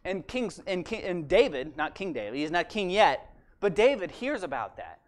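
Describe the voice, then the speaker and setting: A man with a high voice tells a church congregation a Bible story. His delivery is chatty and animated, full of "like" and "right?". He sounds like he is talking with friends rather than preaching. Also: moderate pace. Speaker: church speaker. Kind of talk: casual storytelling sermon.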